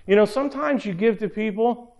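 A man preaching a sermon, animated, acting out little scenes in character voices. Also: sits high, fairly quick, dull audio. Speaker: pastor.

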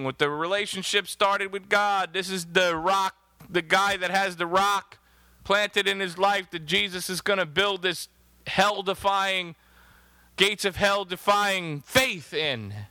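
A man's voice: sits high, pushed and bright, no echo. A man preaching a sermon, emphatic, reading scripture aloud in old-fashioned wording.

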